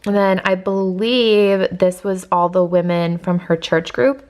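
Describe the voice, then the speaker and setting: A woman's voice: medium pitch, fairly even intonation, a little slow, a little mellow. A young woman vlogging casually to camera from home, chatty and full of "like" fillers, teary as she talks. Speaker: lifestyle vlogger. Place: at home indoors.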